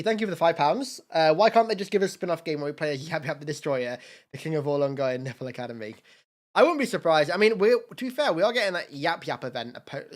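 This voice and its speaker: A man's voice: fairly high pitch, a bit bright. A man chatting casually on a livestream, rambling with fillers and thanking donors by name. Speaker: streamer.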